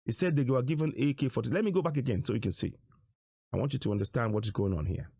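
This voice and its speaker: A man's voice: medium pitch, fast talker, creaky, dark tone, husky, dry recording, studio quality. A man giving emphatic online commentary on material shown on screen, repeating his rhetorical questions and phrases. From Nigeria. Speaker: political commentator.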